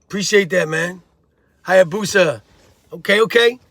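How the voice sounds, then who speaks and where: Gravelly high-voiced man, blunt street talk. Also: measured pace, fairly bright tone, dry recording, clean studio sound. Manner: blunt, streetwise, preachy, addresses viewer as bro and homie. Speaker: host of a prison-life commentary channel. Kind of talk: casual commentary vlog.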